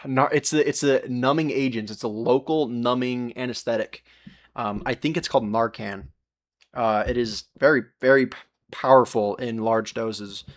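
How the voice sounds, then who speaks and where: A man's voice: medium pitch, fairly even intonation, moderate pace. A young man live-streaming as he solders at a workbench, chatting casually with his viewers, rambling, swearing and laughing at himself, often turning away from the mic while he works. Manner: talks to chat while working, often turned away from the mic. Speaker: livestreamer.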